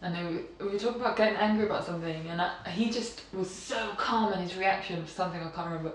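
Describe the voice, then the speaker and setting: A woman hosting a podcast in relaxed casual conversation, often chiming in with agreement. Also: on the low side, rapid-fire, slight background noise. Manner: relaxed, frequent agreeing "yeah" and "mm". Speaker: podcast host. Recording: very echoey room, mic far off.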